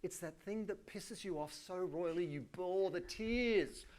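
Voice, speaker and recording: A middle-aged Australian man giving a live conference keynote, energetic and colloquial, with self-deprecating asides. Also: high-pitched, a little slow. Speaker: keynote speaker.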